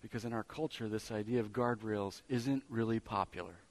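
A man's voice: fairly low pitch, a little fast. A man preaching a sermon as pastor, building emphasis through repetition.

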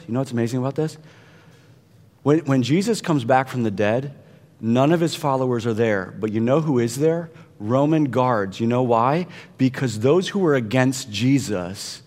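A man preaching a sermon, building to intense peaks and dropping to hushed, quiet passages. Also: mid-range voice, expressive, moderate pace, in a large hall. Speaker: pastor.

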